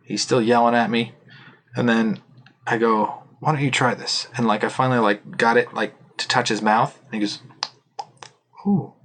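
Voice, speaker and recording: A man's voice: medium pitch, level tone, moderate pace. A man co-hosting a podcast, telling a rambling story in casual chat and laughing often. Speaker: podcast co-host. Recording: faint background noise.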